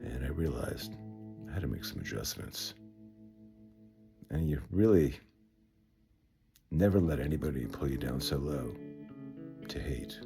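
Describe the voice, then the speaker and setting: A man in a very deep, low voice. He tells stories from his life unhurriedly, pausing and restarting as he goes. Soft guitar music plays faintly underneath. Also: animated, creaky. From the Bronx, New York. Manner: unhurried, conversational, with hesitations and restarts. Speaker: vlogger telling life stories. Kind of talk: reflective personal storytelling.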